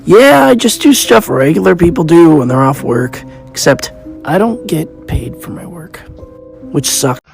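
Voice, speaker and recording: A gravelly, high-pitched young male killer, as a man plays him, logging a diary entry in a character role-play vlog. He talks in a dry, offhand way and makes flat jokes about his own life. It sounds like a phone selfie video. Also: measured pace, faint music behind.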